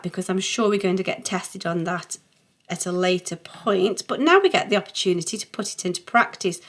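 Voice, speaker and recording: Her voice is mid-range and fairly bright: a middle-aged woman teaching music theory, calmly talking through a worked exercise while she writes. She reasons out loud and occasionally sings brief notes.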